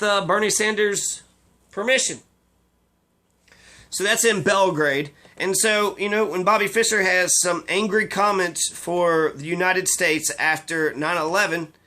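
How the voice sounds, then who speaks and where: A man's voice: high-pitched, pushed and bright. A man delivering a rambling, profane, indignant monologue as a video commentator. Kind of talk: casual ranting monologue.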